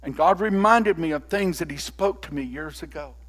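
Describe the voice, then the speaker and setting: Older man preaching in a high voice. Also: normal speed. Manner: call-and-response preaching, swinging from quiet to loud. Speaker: pastor. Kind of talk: sermon.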